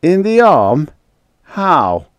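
A man's voice: a little high, wildly swooping pitch, drawn-out words, clean tone, dry recording, voice pushed up, exaggerated voice. A man voicing a cold, bored, sneering male governor in an audiobook, in a commanding tone. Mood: surprised demanding. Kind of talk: audiobook character voice.

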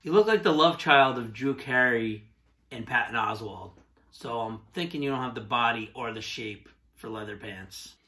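Blunt, insulting male band exec, man plays him, deadpan delivery, bright tone. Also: mid-range voice, normal speed. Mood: cutting. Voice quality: deadpan, cutting. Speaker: interviewer in a sketch. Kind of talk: satirical comedy sketch.

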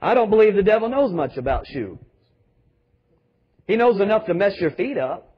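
A man's voice: sits high, sing-song, moderate pace, muffled recording. A man pastor preaching a sermon with emphatic rhetorical questions and calls to the congregation.

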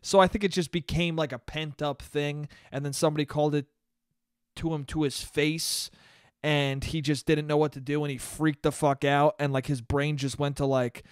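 A young man with a high, light voice rants alone on his podcast, swearing freely and cracking himself up. The sound is dry and close, with no room around it. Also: normal speed, clear, resonant tone, dry recording. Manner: profane, animated, laughs at his own jokes. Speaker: podcast host. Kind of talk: solo comedic podcast rant.

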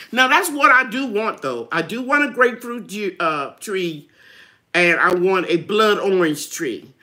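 A woman's voice: medium pitch, lively intonation, slow pace, sharp tone. A middle-aged woman, hosting a gardening live chat in a chatty way, reading out viewer comments and laughing often. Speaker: gardening channel host.

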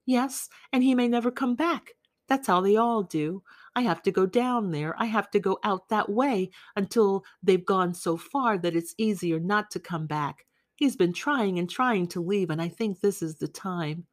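A woman reading the part of a lonely, clingy woman who pleads softly with a guest in an audiobook. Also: medium pitch, unhurried, no echo, clean studio sound, lightly acted. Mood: pleading.

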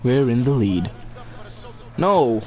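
A gaming YouTuber, a young man with a mid-range voice, speaks slowly while giving excited commentary over his own football video game. He calls out players' names and cheers or groans at each play.

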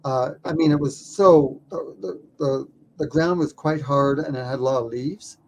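A man who is a documentary filmmaker, telling a story in an interview with lively stammers and repeated words. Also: medium pitch, normal speed, vocal fry, a little hiss or hum.

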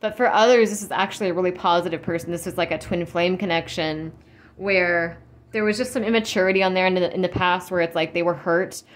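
A tarot and spirit-guide reader gives a casual spiritual reading, speaking directly to viewers in a lowish, fairly even voice at a fairly quick pace. She rambles reassuringly, full of "like" and "you know."

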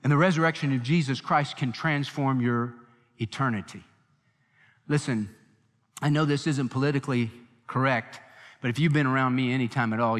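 Male pastor, high-pitched, fervent pulpit delivery, reverb of a church hall. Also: bright, forceful tone. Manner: impassioned preaching, voicing quotes with emphasis. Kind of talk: sermon.

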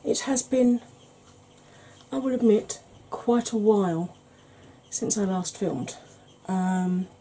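A woman's voice: medium pitch, takes it slowly, mellow, a little hiss or hum. A woman hosting a makeup channel, chatting casually through a tutorial with rambling, self-deprecating asides.

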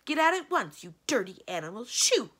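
A woman reading aloud and voicing a furious female enchantress with shrill, screeching outbursts. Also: big pitch swings, a little fast, gravelly, sharp tone, slightly rough, exaggerated voice.

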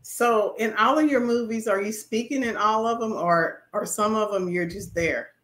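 A woman's voice: medium pitch, normal speed, a bit bright. Woman host in an echoey room. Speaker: talk show host. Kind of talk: interview questions.

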